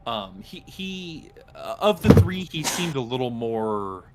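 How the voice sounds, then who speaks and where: A man narrating as dungeon master in a casual, halting way with many fillers. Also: medium pitch, very animated, heavy background noise. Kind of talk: narrating a tabletop game.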